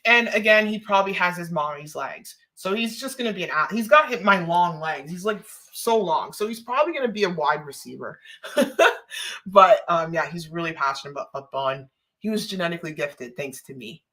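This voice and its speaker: A woman's voice: on the low side, animated, brisk, pushed and bright. A woman from Canada chatting on a live stream, emotional and close to tears, rambling and laughing often. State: emotional, holding back tears.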